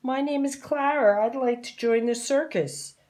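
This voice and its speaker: A woman's voice: sits high, measured pace, voice pushed up. A woman voicing an eager, clumsy young female cow in a read-aloud picture book, lifting her voice and crying out in alarm. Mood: hopeful. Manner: hopeful, excitable, cries out loudly.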